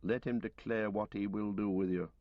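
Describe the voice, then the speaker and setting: A man reading aloud and voicing a stern, grave lord who passes judgement in formal, measured, solemn speech. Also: lowish voice, fairly even intonation, no room sound, close to an everyday voice. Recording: dull lo-fi recording.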